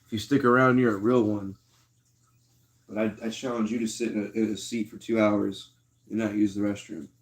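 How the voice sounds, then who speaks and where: A man's voice: on the low side, flat delivery, moderate pace. A man chatting casually on a livestream, slangy and laid-back, talking to his chat. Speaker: live streamer.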